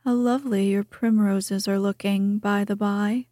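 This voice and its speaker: A woman's voice: mid-range voice, steady tone, a little slow, mellow, no echo, studio quality, lightly acted. A woman voicing a selfish, self-satisfied miller who lectures, in whispered role-play. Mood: smug.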